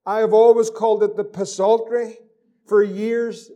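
A man's voice: high voice, level tone, unhurried, warm tone. A man preaching a fervent sermon as pastor, repeating phrases and reading scripture aloud.

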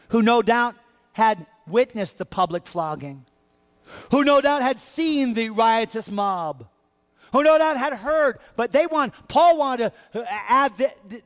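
A man's voice: extremely high pitch, lively intonation, unhurried, long reverb tail. A male pastor preaching a sermon with emphatic, repetitive rhetoric.

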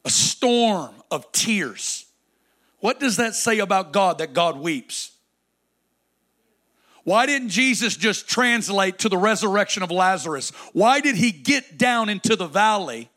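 A man preaching a sermon, dramatic, swinging between loud declarations and hushed, drawn-out lines. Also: high voice.

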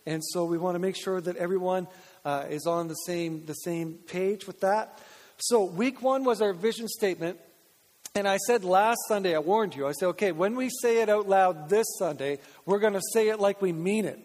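A man preaching as a pastor, energetic and repetitive as he urges the congregation on. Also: sits high, normal speed. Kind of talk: sermon. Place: large church sanctuary. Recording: long reverb of a church hall.

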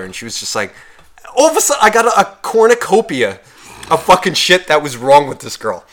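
Male podcast co-host, bright ringing tone, loose profane storyteller. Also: fairly high pitch, fairly quick. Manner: rambling, heavy swearing, animated retelling.

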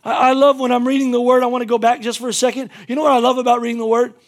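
A man preaching a sermon as pastor, moving between shouted fervor and quiet, intimate appeals, with phrases repeated for emphasis. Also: very high-pitched, little pitch movement, racing.

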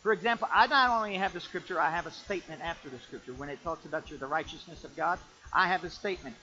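A male pastor preaching a sermon emphatically, rising to shouts and calling for amens. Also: a little high, big pitch swings, a little fast, muffled recording. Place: church.

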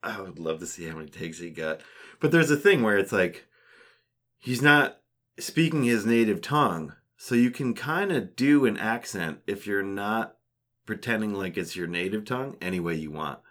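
Low lively-voiced man, wry. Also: normal speed. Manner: wry, teasing, swears casually. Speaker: podcast co-host. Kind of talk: casual chat.

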